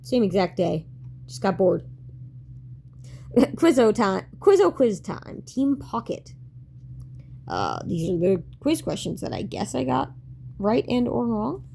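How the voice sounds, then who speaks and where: Wry, gravelly woman mocking her old diary. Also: mid-range voice, warm tone, a little hiss or hum. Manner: wry, self-mocking, swears, laughs often. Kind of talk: casual commentary on old diary.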